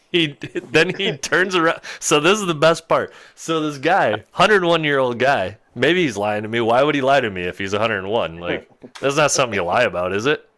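A man telling a story in casual chat, animated and laughing often as he goes. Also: mid-range voice, moderate pace.

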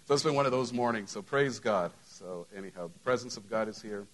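A man's voice: on the low side, brisk, rough recording. Middle-aged pastor guy chatting through church announcements, loose and folksy, lots of you-knows. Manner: conversational, full of "you know" fillers. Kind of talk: church announcements and sermon opening. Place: church sanctuary.

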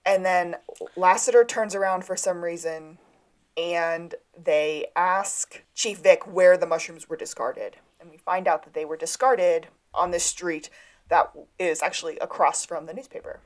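A woman's voice: on the low side, fairly even intonation. A woman co-hosting a podcast, chatting casually as she recaps an episode and laughs along. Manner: chatty, quick to laugh, acts out quotes. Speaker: podcast co-host.

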